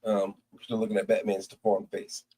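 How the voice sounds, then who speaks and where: A man's voice: fairly low pitch, level tone, a little fast, dark tone, slightly rough, no room sound. A man co-hosting a casual podcast chat, teasing and joking with the host.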